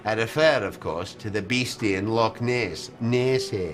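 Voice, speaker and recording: A man's voice: on the low side, a little slow, faint music behind. A man with a Scottish accent performing a sketch, boastful and sing-song, dragging out his words. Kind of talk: sketch comedy acting.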